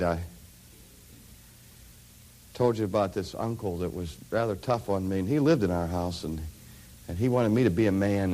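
A middle-aged man preaching a sermon, dropping to hushed near-whispers and rising to loud, ringing peaks. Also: fairly low pitch.

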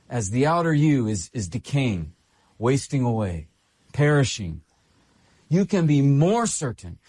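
A man preaching a sermon, expressive, with emphatic repetition. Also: fairly high pitch. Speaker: pastor.

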